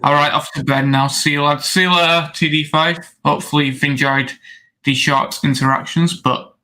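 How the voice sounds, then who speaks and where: Male stream co-host, bright edgy tone, slightly high, greets viewers by name. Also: steady tone, normal speed. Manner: reads out and greets viewer comments. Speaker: fantasy football livestream co-host. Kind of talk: casual live-stream chat.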